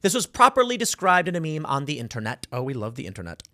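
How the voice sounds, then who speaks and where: A man hosting a solo political commentary, animated and sarcastic, acting out little voices to make his points. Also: a little high, quick pace.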